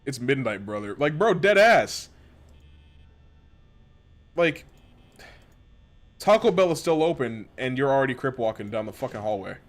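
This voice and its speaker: With a mid-range, expressive voice that runs a little fast, a man from the western United States keeps up casual gameplay chat. He curses and rambles while streaming, dropping lots of slang.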